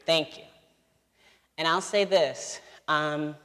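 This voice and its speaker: A woman author answering audience questions at a live talk, earnest and quick to laugh, in a large hall. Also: low voice, fairly even intonation, fairly bright tone. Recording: long hall reverb.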